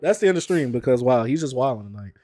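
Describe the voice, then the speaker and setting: A man's voice: mid-range voice, lively intonation, fast talker, dark tone, soft background music. A man hosting a casual stream chat, laid-back and playfully teasing his chat. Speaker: streamer and host.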